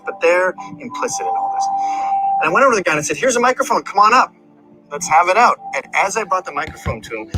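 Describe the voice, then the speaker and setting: A man telling a story in an interview, animated and acting out voices and sounds. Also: fairly high pitch, poor audio.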